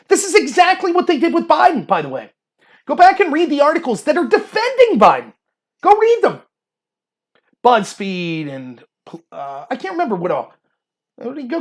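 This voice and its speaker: A male livestream host with a high voice that swings widely in pitch. He argues his point in a running monologue and slips into mocking put-on voices when he quotes others. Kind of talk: political commentary monologue.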